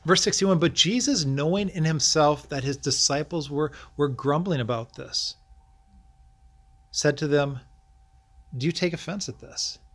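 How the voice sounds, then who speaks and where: Middle-aged guy preaching in english, kinda high voice, fires questions at the crowd. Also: unhurried. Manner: animated preaching with rhetorical questions. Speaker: pastor. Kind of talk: sermon.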